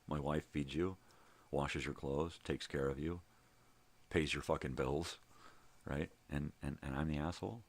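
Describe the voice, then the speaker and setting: A man's voice: very deep voice, steady tone, unhurried. An older man hosting his own vlog, telling a heated, profanity-filled story in a casual ranting monologue. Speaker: vlog host. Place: home.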